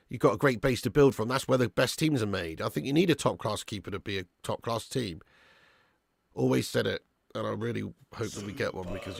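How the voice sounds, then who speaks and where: A young man hosting a live football watch-along, chatting and thanking viewers by name, with sudden bursts of excitement when chances come. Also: fairly low pitch, gravelly, no room sound, clean studio sound.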